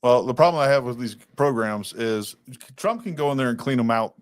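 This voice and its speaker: A man's voice: mid-range voice, expressive, a little fast, dry recording. Man, podcast host, conversational, dry close sound. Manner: conversational, reads out a listener's question. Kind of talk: casual interview.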